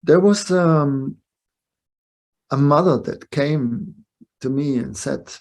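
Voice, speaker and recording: A man's voice: a little high, takes it slowly, creaky, darkish tone. An older man giving a spiritual webinar talk, reflective, often ending points with short questions to listeners. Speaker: spiritual teacher. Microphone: video call mic.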